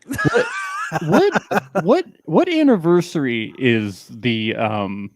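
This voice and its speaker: A man co-hosting a podcast in casual chat, his voice sitting a little high and swinging widely in pitch. He asks playful, rambling questions full of restarts. The recording is dry and close. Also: lively intonation, slow, no echo. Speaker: podcast co-host.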